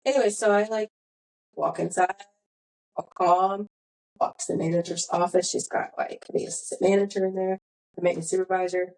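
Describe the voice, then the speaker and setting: A woman's voice: on the low side, level tone, a little fast, darkish tone, rough recording. A young woman hosting a podcast, telling a long story in a rambling, self-correcting way. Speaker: podcast host. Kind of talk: casual storytelling chat.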